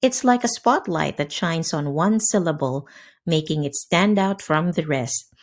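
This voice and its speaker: Slow, low-voiced upbeat lesson host. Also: female voice, lively intonation. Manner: upbeat, crisp enunciation, slow spaced drill words. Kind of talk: scripted instructional narration. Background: faint background music.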